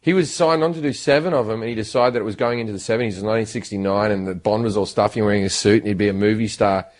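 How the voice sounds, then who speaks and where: A man with an Australian accent telling profane, animated stories in casual podcast chat. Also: fairly low pitch, rapid-fire. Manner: profane, laughing, animated storyteller. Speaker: comedian guest.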